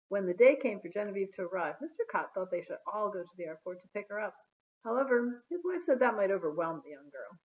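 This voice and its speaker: A woman reading a children's chapter book aloud in an expressive, storytelling manner. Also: medium pitch, quick pace. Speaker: storybook reader. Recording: phone-like narrow sound.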